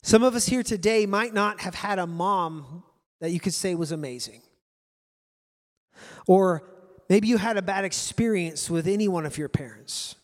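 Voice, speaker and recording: A man's voice: high-pitched, moderate pace, long reverb tail. A male pastor preaching a sermon to his congregation, earnest and repeating key phrases for emphasis.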